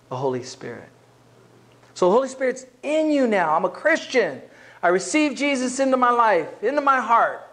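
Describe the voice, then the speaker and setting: In a church, a pastor with a notably high voice delivers a sermon in a relaxed, conversational style instead of a formal one. Lively and direct, he talks to the congregation and performs the voices he quotes.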